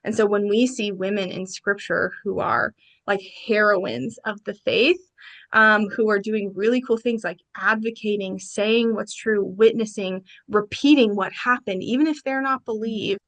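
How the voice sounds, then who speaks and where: A woman guest on a podcast, telling her own story with animated energy. She jumps into quoted lines from friends in quick, lively bursts, at a pitch of middling height for a woman. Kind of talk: personal storytelling in a podcast interview.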